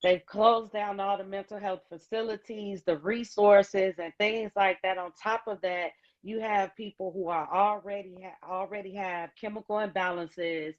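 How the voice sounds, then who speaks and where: A woman hosting a casual talk show, telling stories in a lively, emphatic, joking way. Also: mid-range voice, moderate pace, few pauses. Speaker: host. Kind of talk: casual chat. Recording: dull lo-fi sound.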